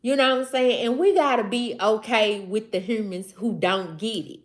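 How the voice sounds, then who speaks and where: A woman's voice: fairly high pitch, normal speed. Slangy Mississippi woman chatting live. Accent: Mississippi Southern US. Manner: loose, slangy, repeats herself, talks straight to chat. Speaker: livestream host. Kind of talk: casual live-stream chat.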